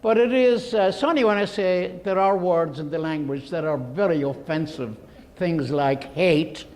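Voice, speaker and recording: A man's voice: a little high, normal speed, a little mellow. An older man giving a humorous public talk, telling rambling, jokey stories. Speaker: guest speaker.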